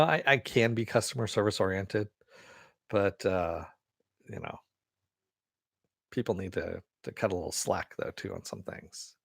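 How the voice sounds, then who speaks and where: A podcast host with a fairly low, gravelly voice full of vocal fry, recorded clean in a studio with no echo. He chats casually and rambles through entertainment news while reading listener comments, laid-back, swearing freely and laughing often.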